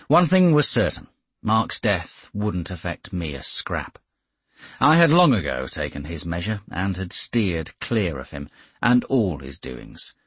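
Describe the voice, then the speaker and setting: A man narrating a first-person audiobook in a measured, wry way. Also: low-pitched, breathy edge, no echo.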